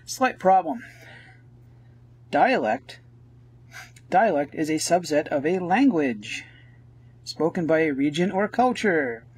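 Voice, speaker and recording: A man's voice: fairly high pitch, lively intonation, measured pace, long pauses, breathy edge. A man from Canada with a Canadian accent, ranting sarcastically and rambling through a comic book review as podcast host.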